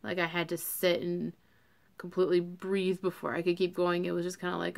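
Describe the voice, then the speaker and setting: A woman's voice: on the low side, completely flat delivery, normal speed, gravelly. Chatty young woman vlogging. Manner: chatty, full of fillers and "like". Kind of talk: casual chat to camera.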